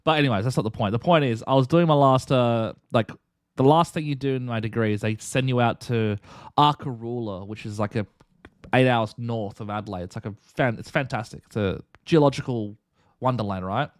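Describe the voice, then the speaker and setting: A young man tells a story on his live stream in a chatty, animated way, slipping into the voices of the people in it. His voice sits at a middle pitch. It sounds dry and close, with no room around it. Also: a little fast, no echo. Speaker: streamer and host.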